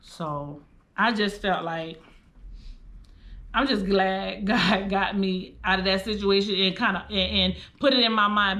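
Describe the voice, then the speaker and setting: Bright-voiced woman telling a raw story. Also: medium pitch, measured pace. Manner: candid and blunt, heavy cursing, heartfelt. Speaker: vlogger telling a personal story. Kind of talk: emotional storytime monologue.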